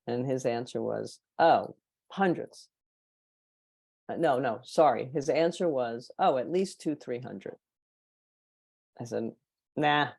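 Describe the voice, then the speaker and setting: A podcast guest and marketing consultant speaks slowly in a very deep voice with vocal fry and a breathy edge, pausing often, on a dry recording. In casual, animated chat she tells anecdotes and acts out the people she quotes.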